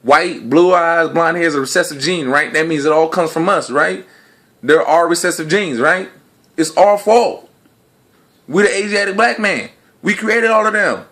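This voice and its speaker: A man delivering a casual, argumentative monologue to the camera in slangy speech, full of rhetorical questions, dropping low and quiet, then rising loud and high. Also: moderate pace. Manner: laughs between points. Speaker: video blogger.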